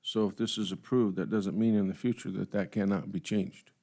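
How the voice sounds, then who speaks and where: Low mellow-voiced man at a county meeting. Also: fairly even intonation, gravelly. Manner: halting, hedging, many restarts. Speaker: county commissioner. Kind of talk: public meeting discussion.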